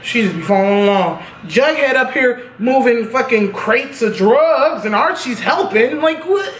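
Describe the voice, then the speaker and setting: A young woman casually reviewing a TV episode, animated and profane, laughing at her own reactions. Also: a little high, unhurried. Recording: echoey room with faint noise.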